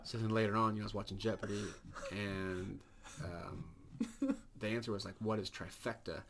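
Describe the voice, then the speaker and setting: A man's voice: lowish voice, flat delivery, normal speed. A man in his thirties, a podcast co-host rambling and cracking crude jokes in casual chat. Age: 30s. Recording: noisy background.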